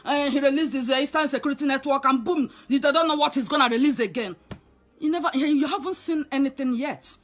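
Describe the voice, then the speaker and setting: Scolding Nigerian woman, high voice. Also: fairly quick. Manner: heated, scolding, repeats herself with rhetorical questions. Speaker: online commentator. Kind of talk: angry direct-to-camera rant.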